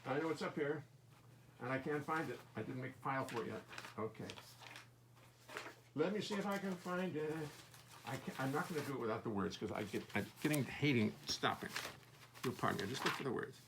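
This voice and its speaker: A man's voice: lively intonation, a little fast, pauses often, noisy background. An older man chatting casually from his home studio, rambling and self-mocking in murmured asides. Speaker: singer-songwriter and bassist. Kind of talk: casual live-stream chat between songs. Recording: distant mic, loud bass playing behind.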